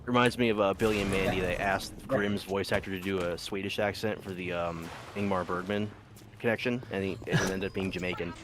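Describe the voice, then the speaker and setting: Fast-talking low-voiced man, dry remarks. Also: steady tone, noisy background. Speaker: gaming streamer. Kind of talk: casual chat while playing. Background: game music.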